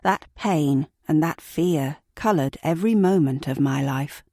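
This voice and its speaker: Woman narrator, low-pitched, very slow and measured, dry close sound, true crime audiobook. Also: dark tone, dry recording. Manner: slow, measured, sombre reading.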